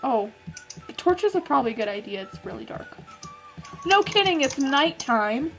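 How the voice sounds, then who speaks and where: High-voiced giggly woman gamer. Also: sing-song, normal speed, a bit bright, faint music behind. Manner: giggly, self-mocking, playful. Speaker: gaming YouTuber and server moderator. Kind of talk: casual gameplay chatter.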